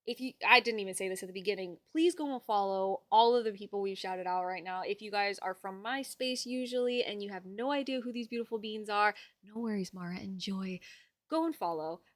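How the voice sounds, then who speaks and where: A woman's voice: medium pitch, a little fast, no echo. A young woman hosting a livestream, chatting casually and reading out viewer messages with hyped, bubbly energy. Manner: bubbly, hyped, reads chat aloud. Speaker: livestream host.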